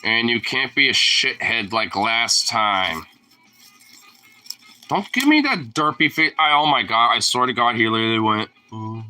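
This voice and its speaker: A man's voice: mid-range voice, animated, normal speed, sharp tone, faint music behind. A young man casually filming his dog and teasing it in playful baby talk.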